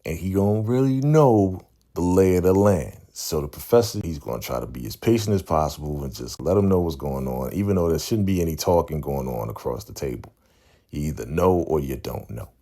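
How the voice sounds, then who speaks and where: This is a man with an extremely low, dark voice who recaps a TV episode in a loose, casual way. He chats along, acts out what the characters say and keeps checking in with a "right?" His tone stays warm and mellow throughout. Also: animated, a little fast. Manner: laid-back, conversational, often tags sentences with "right?" and acts out lines. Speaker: TV recap channel host.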